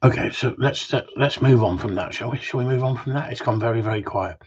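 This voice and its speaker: A man talks casually on a live stream as a dog trainer, rambling and joking between viewers' questions. His voice is husky and mid-pitched. The stream audio is dull and lo-fi. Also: quick pace, a little mellow.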